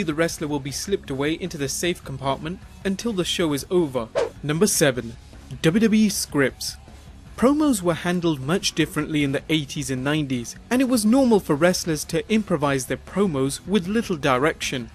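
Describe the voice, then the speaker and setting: A man reading a scripted countdown narration in a measured, explanatory tone. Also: on the high side. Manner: measured, reads numbered entries in an even explanatory tone.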